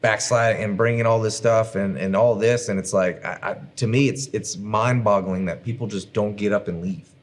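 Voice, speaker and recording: A man co-hosting a casual church livestream, talking in a rambling, halting way. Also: lowish voice, steady tone. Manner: rambling, halting, many fillers. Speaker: co-host.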